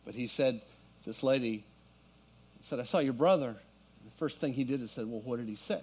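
In a church sanctuary with his congregation present, a middle-aged pastor speaks at normal speed in a mid-range voice that is husky with a darkish tone. His narrative builds toward impassioned preaching.

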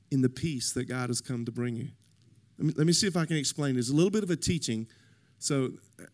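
A man preaching a sermon who talks straight to his congregation with lively, animated delivery. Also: on the high side. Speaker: pastor.

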